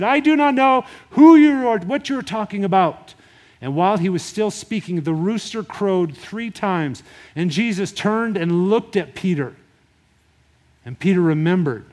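A man preaching a sermon in a conversational, animated retelling style. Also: on the high side. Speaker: pastor.

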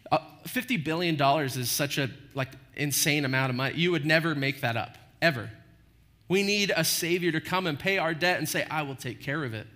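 A man's voice: a little high, fairly quick, sharp tone. A man preaching a sermon as pastor, conversational, often checking in with "right?" and acting out short quotes. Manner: conversational, frequent "right?" tag questions.

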